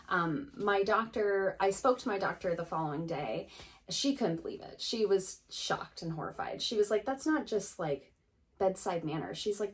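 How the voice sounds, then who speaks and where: Chatty woman vlogger retelling a story. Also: medium pitch. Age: 30s. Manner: animated retelling with quoted dialogue. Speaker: beauty vlogger and esthetician. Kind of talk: casual storytelling to camera.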